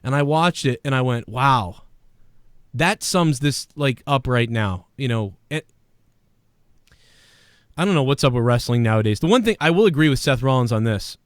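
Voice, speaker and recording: A man's voice: medium pitch, normal speed, no room sound, studio quality. Swearing man ranting on a podcast. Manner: animated, swearing, mimics people. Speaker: podcast host. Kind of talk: profane ranting commentary.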